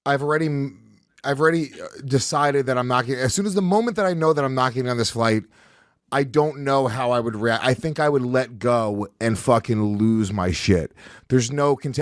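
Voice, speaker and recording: A man's voice: mid-range voice, a little fast, no room sound, studio quality. A man co-hosting a podcast in casual chat, blunt and swearing, laughing along with his partner's stories. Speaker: podcast co-host.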